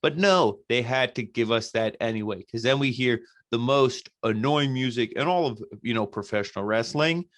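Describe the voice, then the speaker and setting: A man's voice: mid-range voice, normal speed, few pauses, no echo. A man hosting a podcast, recapping a show casually in a blunt, profane, exasperated way. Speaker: podcast host reviewing wrestling.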